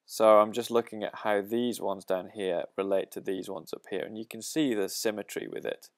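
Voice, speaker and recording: A man's voice: on the low side, fairly even intonation, normal speed. A man teaching a drum lesson, explaining a pattern step by step and counting the beats aloud.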